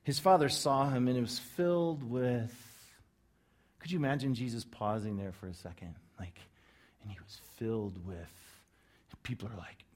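A man preaching a sermon, telling a story with lively acted-out crowd reactions. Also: mid-range voice, moderate pace. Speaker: pastor.

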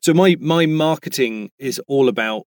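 A British voice actor chatting as a guest in an interview, talking easily with frequent restarts. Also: male voice, medium pitch, normal speed, no echo, studio quality. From Britain. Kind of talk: casual interview chat.

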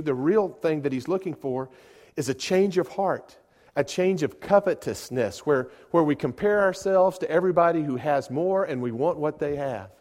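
A middle-aged man preaching a sermon, often repeating words as he starts sentences and moving between soft asides and loud emphatic peaks. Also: a little high. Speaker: pastor.

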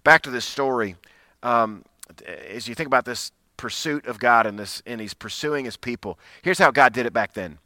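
A man's voice: mid-range voice, moderate pace, pushed and bright, dry recording. A middle-aged man, a pastor, telling a personal story in a conversational, self-deprecating way during a sermon.

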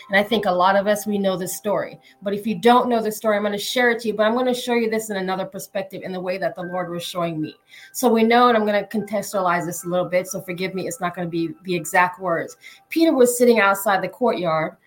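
A woman's voice: mid-range voice, moderate pace, fairly bright tone, soft background music, rough recording. A woman hosting a podcast, teaching scripture in a casual, chatty way, often laughing and checking in with listeners. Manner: chatty, laughs often, keeps asking "right?". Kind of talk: informal Bible teaching. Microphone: screen-sharing from a computer.

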